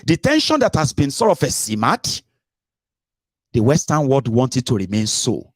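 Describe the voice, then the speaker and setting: Talking politics casually from home, a middle-aged radio and online show host with a Nigerian accent speaks at normal speed and an ordinary pitch that jumps higher when he gets animated. He throws out rhetorical questions and switches into pidgin. The audio is close and dry, with no room sound.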